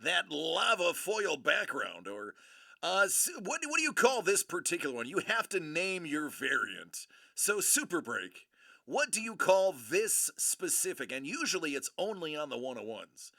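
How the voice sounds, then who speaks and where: A man hosting a livestream, giving excitable, playful commentary as he opens trading card packs into a streaming mic. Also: a little high, unhurried, gravelly, dry recording, studio quality. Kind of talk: live card-break commentary.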